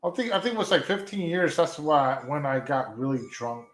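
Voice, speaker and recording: A man's voice: fairly high pitch, expressive, normal speed, a bit bright. A man hosting a casual livestream, reacting to a video as he chats. He rambles, repeats himself and stalls with "hold on". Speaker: livestream host. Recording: roomy echo.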